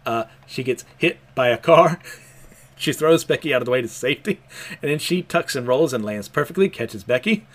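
A man's voice: mid-range voice, expressive, normal speed. A man casually recapping a cartoon episode, laughing often as he retells it. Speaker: anime recap host.

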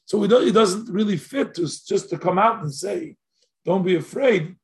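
The Torah teacher here has a high-sitting, gravelly voice at normal speed. He guides a text-study lesson by asking questions aloud in a rising voice, slipping Yiddish and Hebrew phrases into his speech.

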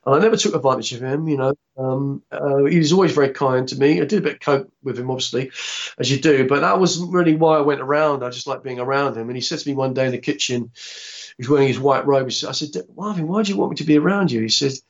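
Guy in his 60s rambling thru an old story, stops and restarts a lot, kinda dull lo-fi sound. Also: mid-range voice. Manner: rambling, halting, with frequent restarts. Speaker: interviewee, film actor. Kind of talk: casual anecdotal storytelling.

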